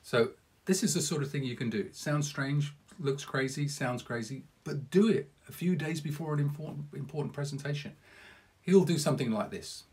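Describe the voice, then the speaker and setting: A man's voice: fairly high pitch, normal speed, a little mellow, husky. A man giving an earnest, encouraging podcast lesson on public speaking as a coach, talking directly to the listener with self-deprecating asides.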